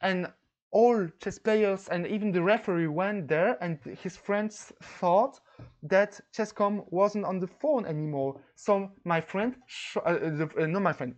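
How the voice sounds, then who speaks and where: Excitable French chess vlogger. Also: male voice, high voice. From France. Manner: excitable storytelling, many restarts. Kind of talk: casual recap monologue.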